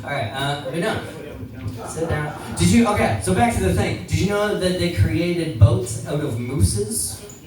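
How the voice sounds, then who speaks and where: A man's voice: a little high, lively intonation, unhurried. A man doing a rambling, self-deprecating stand-up set full of swearing and crowd work. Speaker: stand-up comedian. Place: small comedy venue. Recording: echoey room from far off, crowd audible.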